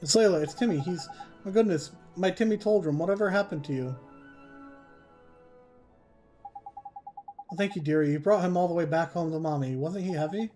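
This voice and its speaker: A man's voice: high-pitched, moderate pace, pauses often, dark tone, faint music behind, close to an everyday voice. A man voicing a fussy older woman who coos over her cat in a sweetly doting way. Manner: cooing, fussing, sweetly doting.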